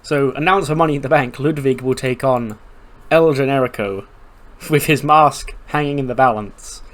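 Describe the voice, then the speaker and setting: A man's voice: mid-range voice, normal speed. Chatty man narrating a wrestling sim. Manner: chatty, storytelling with frequent fillers. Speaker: game streamer. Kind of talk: casual game commentary.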